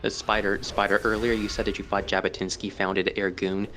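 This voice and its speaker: Fast-talking low-voiced man. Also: little pitch movement, bright, forceful tone, slight background noise. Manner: corrective, informative. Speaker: panelist. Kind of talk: casual discussion.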